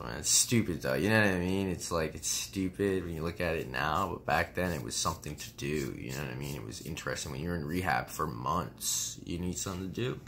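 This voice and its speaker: A man's voice: very deep voice, creaky, a bit bright, slight background noise. A man in his twenties telling a personal story casually, rambling and often saying "you know what I mean" with some swearing. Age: 20s. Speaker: vlogger.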